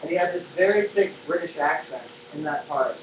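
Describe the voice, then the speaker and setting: High-voiced chatty man on a tinny live stream. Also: a little fast. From United States. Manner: chatty and playful, joking while he cooks. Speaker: host cooking on a live stream. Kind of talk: casual cooking-show chat. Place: kitchen indoors. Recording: distant echoey lo-fi phone-like live stream with noise.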